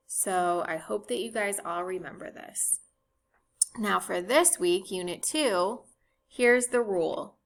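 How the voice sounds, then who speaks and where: A woman teacher giving a recorded phonics lesson, speaking clearly and spelling words out letter by letter. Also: mid-range voice, sharp tone.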